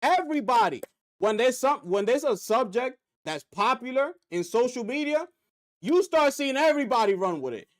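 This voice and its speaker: A man's voice: extremely high pitch, normal speed. A man streaming gaming commentary, ranting with rhetorical questions and mocking asides. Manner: animated, rhetorical, drops into mocking voices. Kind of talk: live-stream commentary rant.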